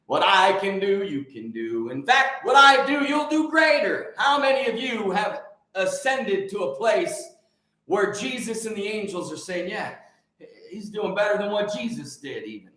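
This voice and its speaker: A man hosting a casual livestream chat, excitable and energetic, often repeating words for emphasis. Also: sits high, unhurried, very echoey. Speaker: livestream host.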